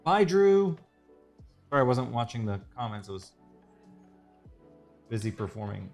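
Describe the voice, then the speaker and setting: A man's voice: lowish voice, fairly even intonation, moderate pace, creaky, faint music behind. A man chatting casually while sketching on a livestream, rambling and self-deprecating.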